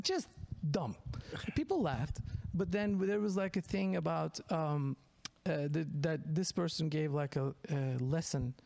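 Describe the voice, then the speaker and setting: A man's voice: high-pitched, expressive, a little slow, gravelly, few pauses. A man from Turkey with a Turkish accent, a stand-up comedian telling stories in a casual interview, rambling, laughing often and restarting his sentences.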